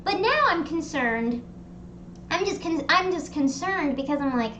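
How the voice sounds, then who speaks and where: Bright, high-voiced young woman rambling on stream. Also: measured pace, reverberant, muffled recording, a little hiss or hum. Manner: animated, rambling storytelling with frequent fillers. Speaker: streamer hosting a live hangout. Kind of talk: casual livestream chat. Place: her home. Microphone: streaming desk mic.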